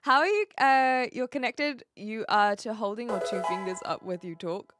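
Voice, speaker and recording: A woman's voice: fairly high pitch, moderate pace, loud music behind the voice. A woman from New Zealand with a light accent, chatting casually with viewers on a live stream, laughing often and trailing off mid-sentence.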